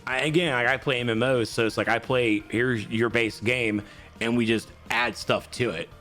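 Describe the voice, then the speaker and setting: A man co-hosting a casual gaming talk show, jokey and animated, laughing a lot. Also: mid-range voice, moderate pace, soft background music. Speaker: podcast co-host.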